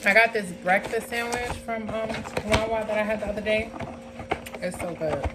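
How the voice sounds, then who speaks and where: A woman's voice: medium pitch, fairly even intonation, normal speed. A woman chatting casually in a rambling way with lots of fillers, vlogging about her day as a mom. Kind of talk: casual vlog chat. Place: in and around a car, outdoors. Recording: noisy outdoor and car ambience.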